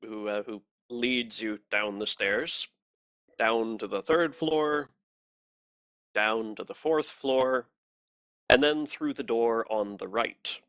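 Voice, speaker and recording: A man running a tabletop role-playing game as game master, narrating in a calm, measured way. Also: lowish voice.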